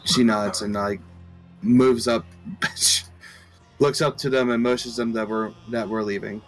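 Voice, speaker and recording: A man at a tabletop game describing his character's moves, stopping and repeating words as he goes. His voice sits at an ordinary pitch, with faint music behind him. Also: steady tone, a little slow, rough recording. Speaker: player. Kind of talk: tabletop role-play, narrating his character.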